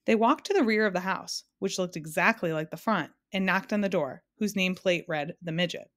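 A woman reading a children's book aloud with lively, expressive narration. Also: mid-range voice, fairly quick. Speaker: storyteller.

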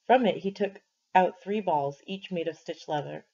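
A teacher reading a first-person novel aloud for a class, measured and deliberate, pausing for study questions, on a dull lo-fi recording. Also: medium pitch, creaky, warm tone, husky.

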